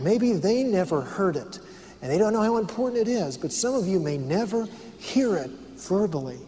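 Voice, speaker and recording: A man's voice: a little high, darkish tone, long reverb tail. A man giving a sermon-style talk, telling personal stories earnestly and asking the audience questions. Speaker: speaker on family and counseling.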